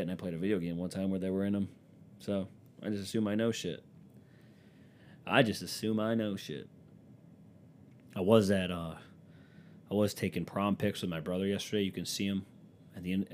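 A man's voice: lowish voice, a little mellow, a little hiss or hum. A young man with a stuffy nose from allergies, rambling through a sarcastic, profanity-laced comedic monologue. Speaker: vlogger.

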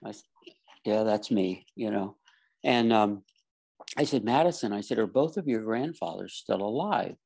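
A man from Florida speaks in a low-side, expressive voice at a moderate pace, with vocal fry and a slightly mellow quality. In casual talk he earnestly tells a personal story, acting out other people's lines as he goes.

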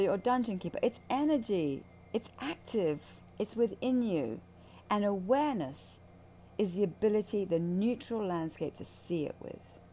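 A woman's voice: mid-range voice, warm tone, slight background noise. A woman who guides ayahuasca ceremonies, talking candidly about spiritual healing in a blunt, intense, profane way.

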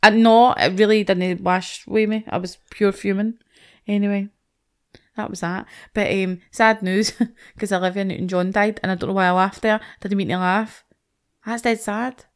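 A Scottish woman in casual podcast chat, ranting with animated energy and plenty of swearing. Her voice sits at an ordinary middle pitch for a woman. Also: normal speed, clear, resonant tone. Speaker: podcast co-host.

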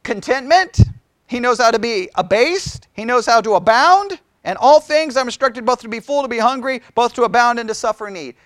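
A middle-aged man leading a Bible study, chatty and animated, often asking the group questions. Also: extremely high pitch, moderate pace, no echo.

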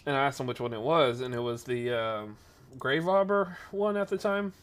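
A man casually telling a rambling workplace story, animated and acting out the voices of the people in it. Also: medium pitch, normal speed, clear, resonant tone.

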